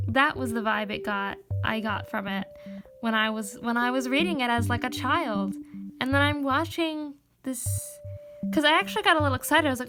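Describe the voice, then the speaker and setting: High-voiced woman rambling while crafting. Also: moderate pace. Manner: rambling, heavy use of "like" and "um"; animated, swears casually. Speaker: crafting vlogger. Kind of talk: casual chat while working. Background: background music.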